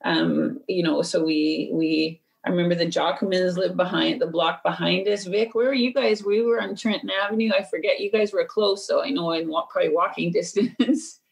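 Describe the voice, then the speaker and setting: A woman's voice: on the low side, steady tone, normal speed, vocal fry, few pauses, low-quality recording. A woman guest recalling her childhood in a chatty, rambling way, laughing between thoughts. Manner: chatty, laughing, many 'like's. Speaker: interview guest. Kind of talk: casual interview recollection.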